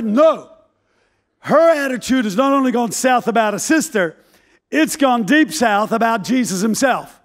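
An older male pastor preaching a sermon, telling a story in an animated, comic, fast-moving way. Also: very high-pitched.

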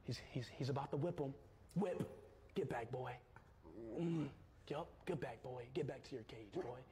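A man chatting casually on a livestream, excitable and repeating short phrases over and over. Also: mid-range voice, normal speed. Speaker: streamer. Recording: roomy echo with clear background noise. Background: dog barking.

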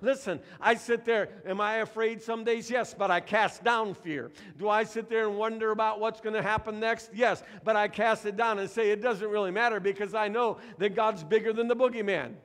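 A male pastor preaches with a high, ringing voice, driving his points home through repetition. He calls on the congregation to answer back. The sound carries a long reverb from a church sanctuary. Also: steady tone, moderate pace, few pauses, fairly bright tone. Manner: emphatic, repetitive preaching with call-and-response. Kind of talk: sermon.

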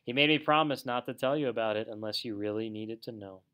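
A man's voice: mid-range voice, fast talker, bright, forceful tone, clear, resonant tone, natural voice. A man doing a stern, dry old badger.

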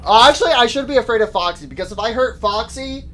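A man giving casual gameplay commentary to his chat, excitable and joking in slang, yelping and shouting when startled. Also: very high-pitched, fast. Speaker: gaming YouTuber.

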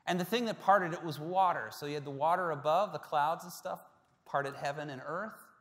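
Pastor preaching in a reverberant hall. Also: male voice, moderate pace. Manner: storytelling with a swing between hushed lows and loud, emphatic peaks. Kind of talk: sermon.

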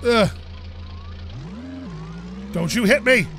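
Excitable male game commentator with a high voice, engine rumble loud under him. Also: drawn-out words. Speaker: let's play host. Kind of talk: casual gameplay commentary.

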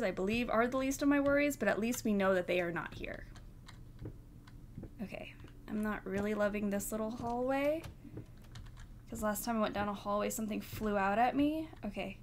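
A woman's voice: medium pitch, a little hiss or hum. A woman hosting a horror game let's play, jumpy and nervous, laughing through scares and chatting with her viewers. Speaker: gaming channel host.

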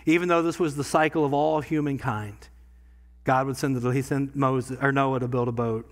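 A pastor preaching a sermon in a church, talking conversationally and swinging from quiet asides to loud bursts. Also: male voice, medium pitch, steady tone, moderate pace. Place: church sanctuary.

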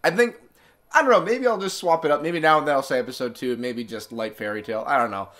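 A man's voice: on the high side, quick pace, fairly bright tone. A man giving casual let's-play commentary, rambling and correcting himself as he goes. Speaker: gaming streamer.

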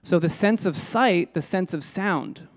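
A man's voice: high-pitched, expressive, unhurried. A man giving an informal lecture on poetry, musing aloud with restarts and questions to his audience in a lecture room. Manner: casual, musing, many restarts and asides to the audience.

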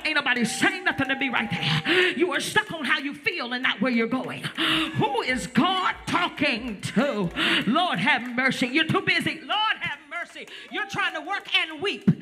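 A male pastor preaching a sermon to a live church congregation, building up to shouts and teasing the crowd into responding. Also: very high voice.

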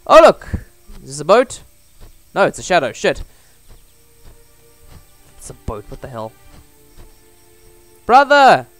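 A man casually commenting on a story game as he plays, reading its text aloud, swearing and yelling at characters. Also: on the high side, wildly swooping pitch, measured pace, long pauses, dry recording, faint music behind. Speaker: gaming channel host. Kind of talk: let's play commentary.

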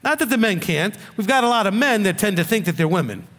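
A man's voice: sits high, expressive, quick pace, fairly bright tone. A male rabbi preaching a blunt, scolding sermon full of rhetorical questions. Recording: long hall reverb.

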